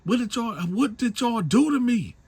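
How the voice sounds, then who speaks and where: Brief: man doing a panicked young guy, swearing, high and strained. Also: lively intonation, normal speed, a little mellow, husky, dry recording, heavily acted. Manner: frantic, cursing, pleading questions.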